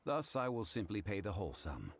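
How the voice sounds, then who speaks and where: A calm, stately gentleman from a video game. His voice is very deep and formal, yet it moves expressively through its range. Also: a little fast, creaky. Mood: composed. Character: composed, dignified wealthy gentleman.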